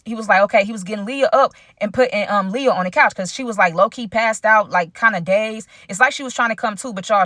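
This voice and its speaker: A woman's voice: a little high, fairly bright tone, no echo, clean studio sound. A young woman telling a dramatic personal story in a casual, chatty vlog style, addressing her viewers directly.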